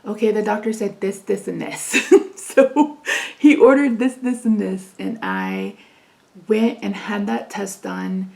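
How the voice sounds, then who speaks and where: A woman's voice: medium pitch, slow pace, gravelly, darkish tone. A middle-aged woman vlogger telling a candid, exasperated story in casual chat, laughing often and acting out what people said. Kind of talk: casual storytelling while doing makeup.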